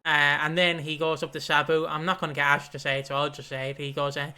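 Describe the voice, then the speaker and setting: Bright-voiced swearing podcast co-host man. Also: fairly high pitch, little pitch movement, clean tone. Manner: swearing, rambling, quick asides. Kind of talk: casual chat.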